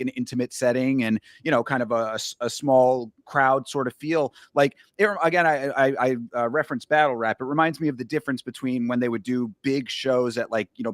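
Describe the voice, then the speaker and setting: A man's voice: medium pitch, fairly bright tone, no echo, clean studio sound. A man hosting a casual podcast, talking in a rambling way with many restarts and asides. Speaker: podcast host. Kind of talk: casual chat.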